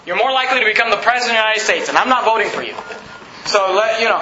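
A man's voice: very high-pitched, expressive, racing, crowd noise. A pastor preaching a sermon emphatically, mocking his listeners with put-on quotes. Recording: roomy, slightly dull recording.

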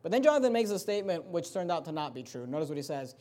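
High-pitched man preaching emphatically. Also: very animated, very fast. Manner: emphatic preaching, repeating phrases and building to loud passages. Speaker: pastor. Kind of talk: sermon.

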